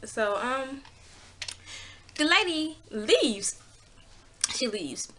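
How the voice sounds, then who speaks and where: A woman telling a personal story in a casual vlog, animated and exasperated, swearing freely and acting out what people said. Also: drawn-out words. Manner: acts out quotes with pitch jumps.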